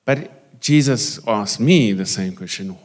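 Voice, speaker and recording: A man's voice: on the low side, expressive, slow pace. A man preaching a conversational sermon to his congregation, joking with people and slipping into Afrikaans. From South Africa. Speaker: pastor. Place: church hall. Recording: long reverb of a church hall.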